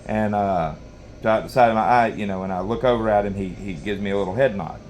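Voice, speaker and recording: The host of a knife sharpening channel spins a long hunting yarn while sharpening, folksy and rambling, packed with "you know"s and restarts. His lowish, darkish voice moves briskly, with a little hiss or hum on the recording.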